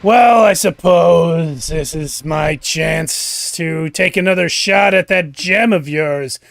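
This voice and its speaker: A man voicing a scornful male villain wizard, speaking in a cold, threatening and deliberate way. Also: fairly high pitch, vocal fry, a bit bright, dry recording, heavily acted. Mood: menacing. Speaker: villain in a tabletop game.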